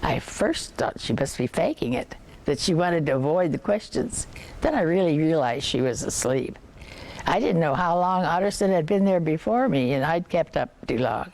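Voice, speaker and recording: An older woman reading a novel aloud to listeners, measured, with occasional slips and restarts. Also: low voice, expressive, darkish tone. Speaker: reader.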